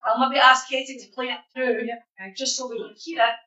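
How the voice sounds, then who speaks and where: Scottish woman minister, higher voice, relaxed chatty sermon, echoey hall with a dull sound. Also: a little fast. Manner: chatty, asks the congregation questions. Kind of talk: informal sermon to a congregation. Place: church hall.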